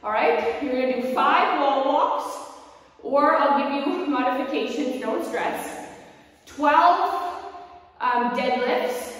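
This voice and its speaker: A woman fitness instructor leading a live workout class, upbeat, calling out each move and cheering the class on. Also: sits high. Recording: echoey hall from far off.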